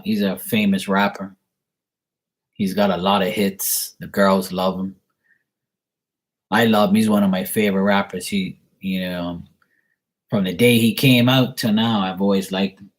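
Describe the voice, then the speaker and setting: Man, lowish voice, tarot reader, casual stream chat, rambling, blunt. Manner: rambling, many "you know" fillers. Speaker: tarot reader answering viewer questions.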